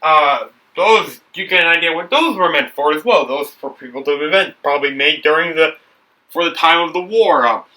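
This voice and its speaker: A man's voice: fairly high pitch, expressive, normal speed, sharp tone, far from the mic, rough recording. A young man hosting a building video, chatting casually and rambling with frequent restarts and self-corrections. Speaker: brick builder and video host. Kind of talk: casual talk while building.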